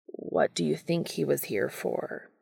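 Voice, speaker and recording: A woman voicing a calm, formal male creature who speaks softly to his lover, often close to a whisper. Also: deep voice, a little slow, vocal fry, breathy edge, no echo, full character voice. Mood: hushed, tender. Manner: soft, formal, murmuring near a whisper.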